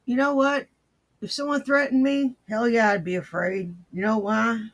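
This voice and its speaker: A man's voice: very high-pitched, steady tone, normal speed, a bit bright. A man commenting on a clip in a blunt, scornful way, swearing casually. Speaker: commentator reacting to clips. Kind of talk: reaction commentary.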